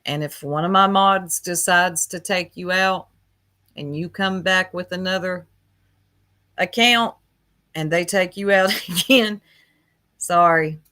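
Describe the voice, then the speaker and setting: A woman's voice: lowish voice, slow pace, long pauses, bright, forceful tone. A woman hosting a casual livestream, gossiping with chat and greeting viewers by name, laughing often. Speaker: livestream host.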